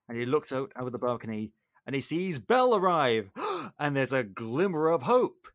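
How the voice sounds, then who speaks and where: Animated, jokey male podcast host. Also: medium pitch, normal speed, dry recording, studio quality. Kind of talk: casual chat retelling a film.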